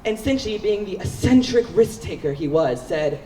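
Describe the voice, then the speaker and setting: A teenage boy telling a personal story on stage at a school event, lively and playful in a casual way. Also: high-pitched, normal speed, a little hiss or hum. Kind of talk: live storytelling. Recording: roomy hall, mic far off.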